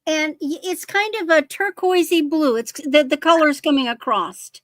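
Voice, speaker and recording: A woman's voice: high-pitched, moderate pace, no echo. A woman hosting a live vintage sale, gushing over jewelry details. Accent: American. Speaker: online vintage seller. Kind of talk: live sale show chat.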